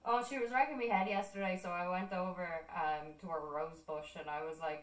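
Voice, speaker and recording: A woman's voice: on the low side, fairly even intonation, a little fast, hardly any pauses. A young Irish woman telling stories in casual chat, swearing freely and laughing often. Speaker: art streamer. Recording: roomy sound, distant mic.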